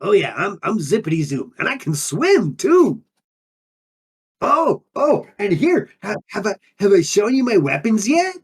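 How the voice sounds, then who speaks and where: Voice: mid-range voice, big pitch swings, a little slow, breathy edge. A performer playing a laid-back undine monk who talks in drawling surfer slang, in an improvised in-character interview. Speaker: player character.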